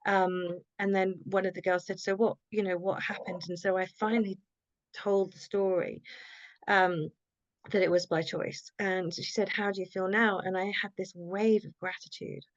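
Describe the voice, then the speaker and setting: A woman's voice: medium pitch, level tone, no echo. Reflective woman recounting her story. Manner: reflective, halting, often quoting her own thoughts. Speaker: author and interview guest. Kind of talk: personal storytelling in a conversation. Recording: dull lo-fi sound, dry.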